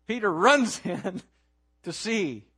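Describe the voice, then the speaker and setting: A man preaching a storytelling sermon, dramatic, dropping to a hush and rising to loud stresses as he asks listeners to imagine the scene. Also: high-pitched, lively intonation, takes it slowly, slightly rough. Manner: dramatic, swings from hushed to loud.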